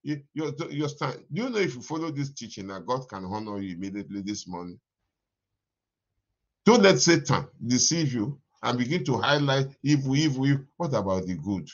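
A man preaching an animated morning devotion sermon as pastor, repeating his phrases and laughing often. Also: medium pitch, moderate pace, highs cut off.

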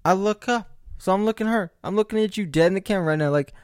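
A man's voice: high-pitched, very fast, a little mellow, no room sound, clean studio sound. A young man hosting a podcast, telling a rambling comic story with joking asides to his listeners. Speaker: podcast host. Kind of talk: casual comedic podcast monologue.

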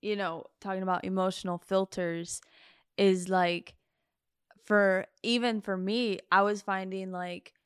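A woman's voice: medium pitch, fairly even intonation, a little slow, smooth, no echo, studio quality. A woman hosting a faith podcast, chatting casually and affirming her guest, with lots of fillers. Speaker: podcast host. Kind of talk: casual chat.

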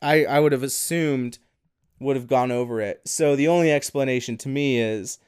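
A man's voice: mid-range voice, normal speed, darkish tone, clean tone, no echo, clean studio sound. A man co-hosting a podcast in casual chat, rambling with fillers and laughing often. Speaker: podcast co-host.

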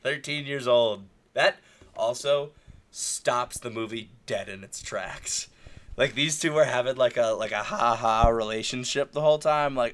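Animated man in casual movie chat. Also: medium pitch, moderate pace. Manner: animated, swearing, acts out quotes from scenes.

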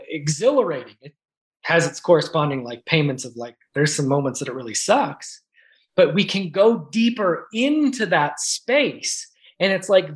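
A man in a casual talk about coaching, thoughtful and earnest, often pausing to find his words. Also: on the high side. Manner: thoughtful, searching for words, slow earnest phrasing. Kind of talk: reflective conversational talk.

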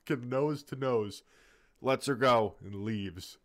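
A man's voice: medium pitch, slow pace. A man casually telling a rambling, profane story in a podcast chat.

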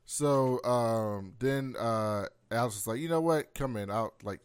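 A man's voice: mid-range voice, normal speed, hardly any pauses, clear, resonant tone. A man co-hosting a casual TV recap chat, often laughing and acting out characters' lines. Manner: laughing, acts out quotes. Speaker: podcast co-host.

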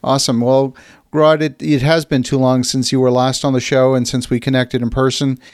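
A man hosting a podcast interview, speaking in a measured, affirming way. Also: medium pitch, flat delivery, a little mellow, dry recording, clean studio sound. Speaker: podcast host.

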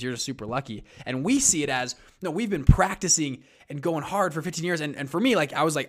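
A young man giving a casual, rambling motivational talk about entrepreneurship, acting out what people say in lively voices. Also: a little high. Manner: rambling, acts out quotes in animated voices. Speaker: entrepreneur sharing advice.

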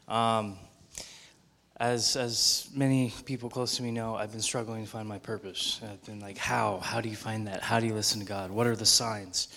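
A man giving an earnest testimony in a halting way. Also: fairly low pitch, steady tone, vocal fry, bright, forceful tone. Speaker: church member giving testimony. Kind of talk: spoken testimony. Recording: echoey hall with faint noise.

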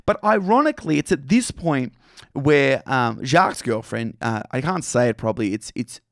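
A man's voice: medium pitch, animated, normal speed, dry recording. An Australian man in the middle of his register talks through a film's ideas, circling back and restarting as he searches for the right word. He is recorded close and dry, with no room sound around him. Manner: thoughtful, many fillers and restarts. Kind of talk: film discussion monologue.

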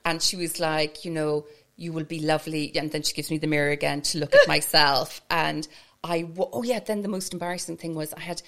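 An Irish woman from West Cork with a lowish, gravelly voice that has a bright, sharp edge. She tells her story in a chatty, scattered way, hopping between asides and laughing through it. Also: fairly even intonation, brisk. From Ireland, West Cork. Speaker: guest. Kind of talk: casual storytelling chat.

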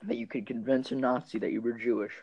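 A man's voice: mid-range voice, steady tone, darkish tone, slightly rough, poor audio. A man co-hosting a casual comedy podcast, quizzing his co-host with stammering restarts. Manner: quizzing, stammering, quick to laugh.

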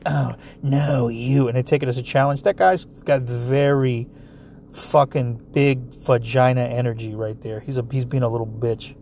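A man's voice: medium pitch, a little hiss or hum. A man in a blunt, profane ranting monologue, talking straight at his listeners with heavy swearing. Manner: animated, talks straight at listeners. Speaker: solo commentator.

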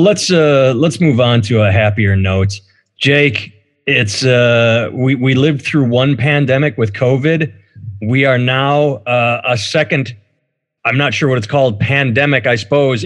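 A man hosting a casual comedy podcast, reading news stories aloud and riffing on them with sarcasm. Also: mid-range voice. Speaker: podcast host.

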